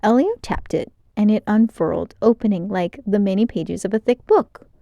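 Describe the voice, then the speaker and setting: Lady reading a kids book out loud, expressive, close mic, dry sound. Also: medium pitch, normal speed, dry recording, lo-fi sound. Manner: clear, expressive narration. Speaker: storyteller. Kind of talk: children's book read-aloud.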